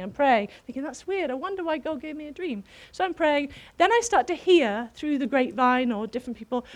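A woman with a high voice gives a sermon. She tells a personal story in a lively way, and her laughter keeps breaking through. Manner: animated, bursts into laughter while telling a story. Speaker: preacher.

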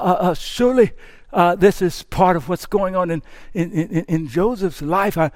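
A male pastor delivers a sermon in a high voice, dropping to near hushes and then climbing into fervent shouts. He stumbles over repeated words as his intensity builds. The sound is dry and close, with no room around it. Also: lively intonation, moderate pace, no echo. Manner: impassioned preaching, swings from hushed to shouting.

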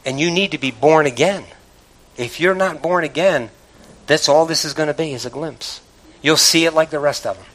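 A man preaching a sermon to a congregation, with call-and-response asides, starting low and building to loud exclamations. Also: moderate pace, poor audio. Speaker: pastor.

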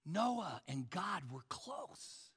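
A man preaching a sermon as pastor, swinging from loud calls down to hushed near-whispers. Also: high-pitched, big pitch swings, drawn-out words, slightly rough. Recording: long hall reverb.

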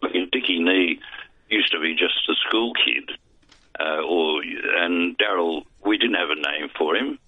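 Deep and husky, this older Australian man's voice moves at a measured pace, and having no teeth makes his speech gummy. A veteran broadcaster and voice artist, he's a guest in a casual anecdotal interview, rambling through self-deprecating stories with dry jokes. The tinny phone line is dry, with no echo.

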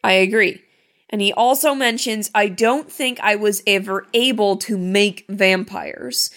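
A woman co-hosting a casual film discussion, recapping scenes in an animated way. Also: mid-range voice, unhurried. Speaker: podcast co-host.

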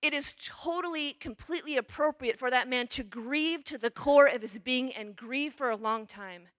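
A woman's voice: sits high, normal speed, a bit bright, dry recording. A woman, a religious sister, giving a conversational sermon at a parish mission, often checking in with "okay?" and "you know.".

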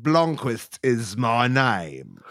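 Man doing Blomqvist, a booming third-person braggart. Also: big pitch swings, very slow, fairly bright tone, dry recording, clean studio sound, heavily acted. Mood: grandiose. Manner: grandiose, speaks of himself in the third person. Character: pompous male aerial-ace gladiator hopeful.

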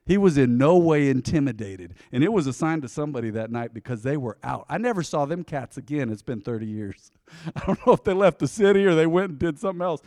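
Pastor telling a sermon story. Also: male voice, a little high, expressive, fast, no room sound, clean studio sound, long reverb tail. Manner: storytelling preacher, swings from loud exhortation to hushed asides.

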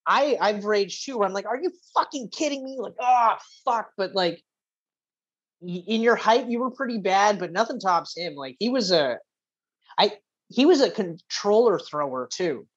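A woman's voice: mid-range voice, animated, normal speed, breathy edge. Playful female co-host, teasing banter, slightly muffled lo-fi audio. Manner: playful, teasing, acts out voices in anecdotes. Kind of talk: casual chat.

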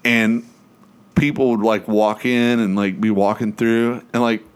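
A man's voice: on the low side, little pitch movement, a little slow, smooth. A man, telling a long rambling story on a podcast, swearing freely and acting out what people said. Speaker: podcast host. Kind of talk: casual chat.

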